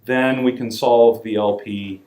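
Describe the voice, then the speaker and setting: A man's voice: mid-range voice, steady tone, measured pace, a little mellow. A man giving a university lecture in a casual, wry way, with frequent ums and words he leans on. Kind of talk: classroom lecture. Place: lecture hall. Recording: echoey lecture hall, voice from a distance.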